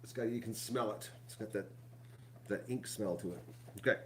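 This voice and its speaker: In a very noisy recording, a middle-aged man with a fairly low voice speaks at a moderate pace. As a vlog host, he addresses viewers as folks and chats casually, wandering and saying things more than once.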